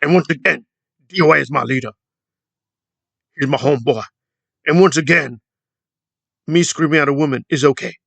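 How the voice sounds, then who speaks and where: A man's voice: fairly high pitch, moderate pace, gravelly, long pauses, fairly bright tone, no echo. A man putting on the voice of a whiny, self-pitying grown man who complains plaintively and threatens to cry. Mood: whiny bluster. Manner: whining, plaintive, mock-tearful.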